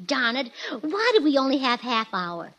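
A woman's voice: high-pitched, sing-song, normal speed, a bit bright, slight background noise. A woman playing a cheerful, scatterbrained young wife in 1940s radio comedy, giggly and earnestly illogical. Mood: bubbly. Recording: old 1940s radio broadcast.

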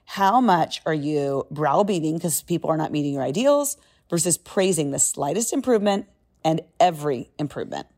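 A middle-aged woman talking casually and emphatically through a book summary, with animated asides. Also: sits low, normal speed.

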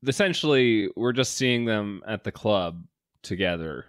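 A man's voice: on the low side, expressive, measured pace, smooth, no room sound, studio quality. A man co-hosting a casual podcast, laughing easily and retelling the plot in a rambling way. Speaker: podcast co-host. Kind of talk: casual chat.

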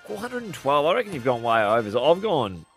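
A man's voice: mid-range voice, big pitch swings, quick pace, creaky, soft background music. A man co-hosting radio, teasing the others and laughing easily. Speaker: radio co-host. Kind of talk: casual radio banter.

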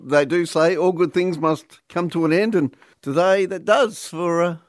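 A man's voice: high voice, moderate pace, no room sound, clean studio sound. A man hosting a radio show, easygoing and friendly in casual chat. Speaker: radio host. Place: radio studio.

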